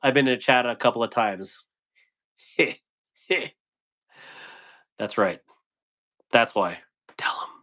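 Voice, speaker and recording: A man's voice: mid-range voice, slow, long pauses, bright, forceful tone. A man hosting a live stream, reading and answering chat comments in a playful way, laughing often and tripping over tongue twisters.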